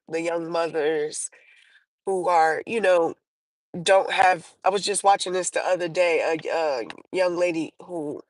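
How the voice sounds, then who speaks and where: On her livestream, a woman with a lowish voice tells personal stories casually, rambling with many fillers and restarts. The recording is low-quality and has no echo.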